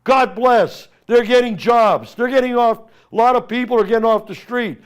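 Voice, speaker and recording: A man's voice: extremely high pitch, normal speed, clean tone, highs cut off. A middle-aged Armenian American man, a congressional candidate hosting a talk show, giving an emphatic, impassioned political monologue and addressing opponents directly.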